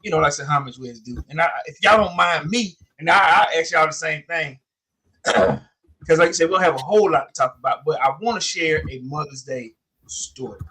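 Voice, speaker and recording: High-voiced storytelling man in his forties. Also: brisk, slightly rough. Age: 40s. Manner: animated storyteller, acts out quotes, many fillers. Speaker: podcast co-host. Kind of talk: casual storytelling chat.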